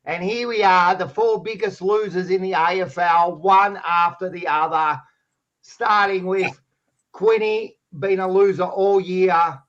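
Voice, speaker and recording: A man's voice: sits high, fairly even intonation, unhurried. Teasing Australian man hosting, lo-fi sound. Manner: loud, teasing, swears freely. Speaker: podcast host. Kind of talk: casual sports banter.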